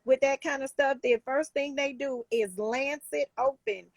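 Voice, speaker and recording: High-voiced emphatic woman life coach. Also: unhurried, no room sound. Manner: emphatic, heartfelt, preachy with many restarts. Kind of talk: casual talk show chat.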